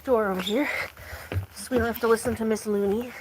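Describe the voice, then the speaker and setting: A woman's voice: fairly high pitch, steady tone, fairly quick, background noise. Chatty woman vlogging on her farm. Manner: chatty, talks sweetly to her animals. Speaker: animal vlogger. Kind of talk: casual vlog narration. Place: farm barn with animals.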